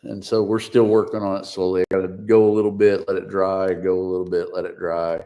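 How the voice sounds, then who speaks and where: Brief: low-voiced man, relaxed co-host, short dry replies. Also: a little fast. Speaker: co-host of a live chat stream. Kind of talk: casual live-stream chat.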